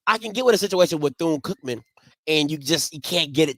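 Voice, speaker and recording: Man, high voice, excitable sports host, repeats himself, dry close sound. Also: quick pace, dry recording. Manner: excitable, repeats and restarts, shouts. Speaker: postgame show host. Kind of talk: animated sports call-in talk.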